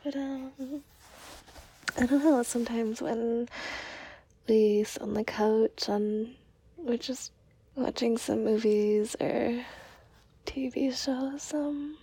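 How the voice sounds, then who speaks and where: Breathy whispering woman, slow and flirty. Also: a little high, fairly even intonation, no echo. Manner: flirtatious and giggly, soft and hesitant. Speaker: audio role-play performer. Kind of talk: whispered role-play.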